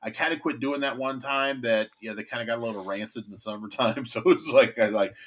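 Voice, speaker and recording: A man's voice: medium pitch, fast. A man co-hosting a casual podcast, telling rambling stories full of fillers and laughter. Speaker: podcast co-host, pest control tech.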